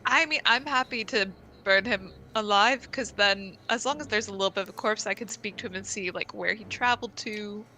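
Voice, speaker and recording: A woman playing a tabletop game, teasing in a deadpan way. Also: mid-range voice, a little fast, few pauses, slight background noise, poor audio. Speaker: player. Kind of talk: tabletop role-play banter.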